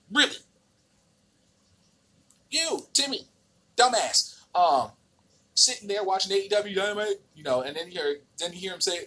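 A man's voice: high voice, lively intonation, normal speed, long pauses, bright, forceful tone. A man with an American accent hosting a podcast, ranting in a casual, exasperated and profane way with many restarts. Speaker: podcast host.

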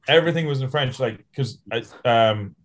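A man co-hosting a casual podcast, telling rugby stories in a relaxed way with fillers and laughs. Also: mid-range voice, normal speed. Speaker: podcast co-host, rugby sevens player.

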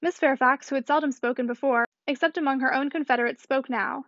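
A woman reading a classic novel aloud with brisk, even storytelling, in a slightly muffled dry recording. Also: high voice, no room sound. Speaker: audiobook reader.

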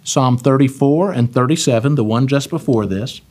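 A man's voice: medium pitch, normal speed, a little mellow. A man teaching a Bible study, reading scripture aloud with emphasis and talking in a casual way.

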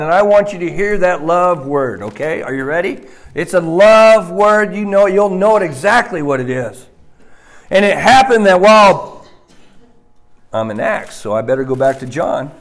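A man preaching a sermon, swinging between loud stressed words and hushed, low lines. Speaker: pastor.

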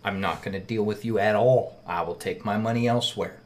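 A man's voice: lowish voice, a little fast. A man in casual chat, blunt and heated, swearing often as he tells his side of a story.

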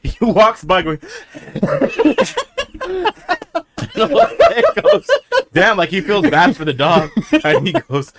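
A man with a fairly high, lively voice trades wry corrections and deadpan jokes in casual podcast banter. His pitch bounces around as he talks. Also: slow pace, long pauses, heavy background noise. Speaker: podcast co-host.

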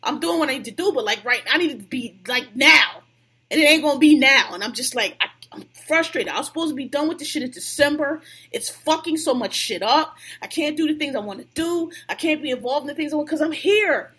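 A woman's voice: high-pitched, expressive, a little fast, pushed and bright. A woman on a podcast venting at length in a heated, profane, casual rant.

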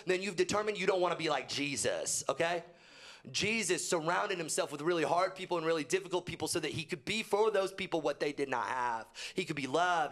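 In a church auditorium, a young pastor preaches animatedly to his church. He often jumps high and loud for emphasis, then drops low and quiet when quoting.

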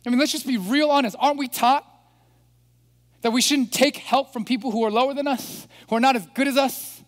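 A man preaching a sermon as pastor, animated and throwing rhetorical questions at the congregation. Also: extremely high pitch, brisk. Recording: long hall reverb.

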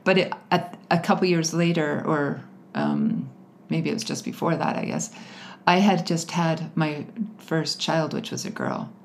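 Woman guest opening up about her past, low-ish voice, bit of hiss behind. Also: measured pace. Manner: candid, laughs often, animated retelling. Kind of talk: personal story in an interview.

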